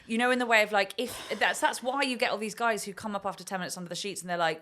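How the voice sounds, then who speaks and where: A woman's voice: mid-range voice, fast talker, hardly any pauses, bright, forceful tone. A young English woman co-hosting a podcast, frank and playful, bursting into laughter often. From England. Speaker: podcast co-host. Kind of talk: casual chat.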